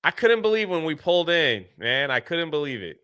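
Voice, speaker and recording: A man's voice: a little high, big pitch swings, brisk, sharp tone, clear, resonant tone. A man co-hosting a podcast, chatting casually and telling stories in a wistful, self-pitying way. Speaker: podcast co-host. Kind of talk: casual chat.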